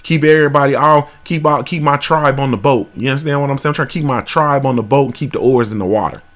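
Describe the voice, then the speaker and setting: A man's voice: medium pitch, quick pace, a bit bright. Profane rambling man hosting a podcast. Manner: profane, rambling, repeats "you feel me". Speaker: podcast host. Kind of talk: casual monologue.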